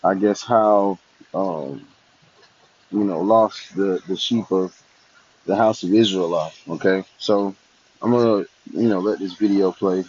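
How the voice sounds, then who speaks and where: A man hosting religious commentary, talking haltingly and leaning on fillers. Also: sits low, a little mellow, husky, dry recording. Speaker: host. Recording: dull lo-fi audio.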